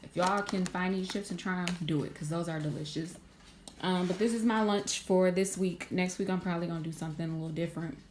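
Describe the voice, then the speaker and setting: A woman in her twenties chatting casually to her viewers in a vlog, relaxed and candid, with lots of "like" and "um" fillers. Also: fairly low pitch, fast talker, slight background noise. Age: 20s. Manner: warm and candid, talking straight to viewers. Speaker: vlogger.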